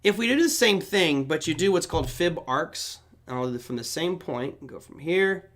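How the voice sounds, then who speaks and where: A man's voice: a little high, animated, normal speed, a bit bright. A middle-aged man from Germany hosting a live trading stream, talking casually and thinking aloud as he walks through charts. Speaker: host. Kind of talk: live market analysis stream.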